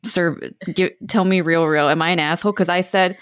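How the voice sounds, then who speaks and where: A woman's voice: lowish voice, fairly even intonation, fairly quick, few pauses, smooth, no room sound, clean studio sound. A woman co-hosting a casual chat, telling a story animatedly and asking the others what they think. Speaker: podcast co-host.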